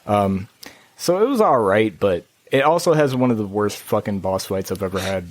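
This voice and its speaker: A man co-hosting a gaming podcast, telling a rambling story in casual chat with lots of restarts and sudden jumps in pitch. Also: animated, normal speed, dry recording. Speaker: podcast co-host. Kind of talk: casual chat about video games.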